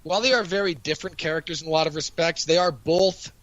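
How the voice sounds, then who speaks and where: A man's voice: on the high side, fairly even intonation, fast, fairly bright tone, no room sound, dull audio. A man chatting casually on a podcast, animatedly recapping a TV episode and acting out lines of dialogue. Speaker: podcast co-host. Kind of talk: casual review chat.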